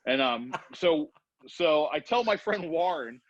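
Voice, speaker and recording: A middle-aged man tells a long, swear-laden anecdote in a fairly high, lively voice. He slips into voices for the people in his story. The recording is dry and dull, like lo-fi podcast audio. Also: measured pace, no echo. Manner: profane, animated, acts out voices in anecdotes. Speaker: podcast guest, former BMX rider. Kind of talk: casual storytelling.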